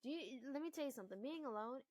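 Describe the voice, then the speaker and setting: A young woman in her twenties, a mother, ranting bluntly to the camera about relationships with heavy swearing and loud emphatic bursts. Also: sits high, lively intonation, fast, dry recording. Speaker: mother and vlogger.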